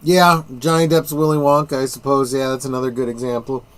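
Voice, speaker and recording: A man's voice: mid-range voice, flat delivery, a little fast, smooth. A man hosting a casual watch-along film commentary, making wry, joking asides.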